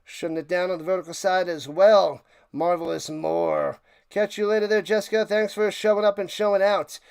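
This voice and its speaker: A man hosting a live sports stream, chatting excitedly and rambling to his viewers as he signs off, a bit out of breath. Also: high-pitched, moderate pace, creaky, clean tone. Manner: excited, rambling, repeats himself. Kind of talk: casual sign-off chat to live stream viewers.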